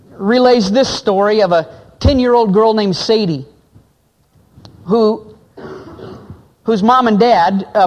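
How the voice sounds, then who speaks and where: A man preaching, telling illustration stories and acting out the quoted voices of the people in them. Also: big-room sound. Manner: acts out quoted voices, drops low for men's lines. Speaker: pastor. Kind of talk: sermon illustration storytelling.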